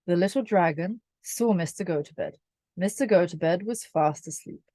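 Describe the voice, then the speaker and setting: A woman's voice: on the low side, normal speed, warm tone, no echo. Woman reading a children's story. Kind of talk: reading a children's book aloud.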